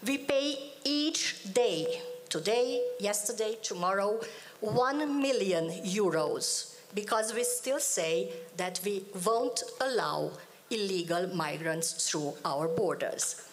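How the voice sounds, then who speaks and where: A woman's voice: mid-range voice, expressive, takes it slowly, a little hiss or hum. A woman giving a formal panel speech, emphatic and repeating key phrases. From Hungary. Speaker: politician on a panel.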